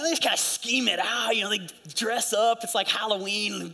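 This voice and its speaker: Man, middle-aged, pastor, high-pitched, lively sermon, acts out quoted voices. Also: a little fast. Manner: animated storytelling, acting out quoted voices with big pitch swings.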